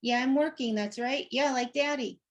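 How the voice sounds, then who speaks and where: A woman's voice: high voice, moderate pace. A middle-aged woman hosting an animal messages show, telling stories in a chatty way and laughing often. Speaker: animal communicator host. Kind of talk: casual chat.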